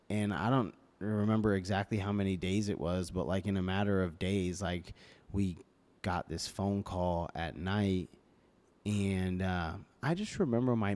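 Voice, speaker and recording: This young podcast guest has a lowish, somewhat dark voice. Speaking into a podcast mic in the studio, he shares a personal story during a relaxed interview, stumbling through it with frequent fillers and restarts.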